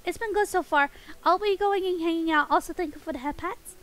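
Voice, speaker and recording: Giggly high-voiced woman streamer. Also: a little fast, rough recording. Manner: playful, giggly, chatty. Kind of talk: casual game stream chat with chat.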